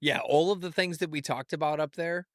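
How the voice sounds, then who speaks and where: A man's voice: a little high, fairly even intonation, fairly quick, a bit bright, dry recording, clean studio sound. A man co-hosting a podcast, mostly chiming in with short, agreeing replies. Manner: brief, agreeing backchannel replies. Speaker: podcast co-host. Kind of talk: casual chat.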